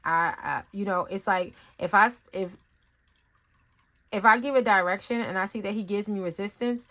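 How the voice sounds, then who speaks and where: A woman gives a spiritual card reading in a loose, talkative way. She rambles and circles back, stacking up "you know" and "like" as she goes. Her voice sits at a middle pitch, and she tells her stories with animated energy. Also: normal speed. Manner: rambling and conversational, many fillers; animated storytelling with acted-out asides. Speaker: tarot reader. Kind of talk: casual spiritual reading talk.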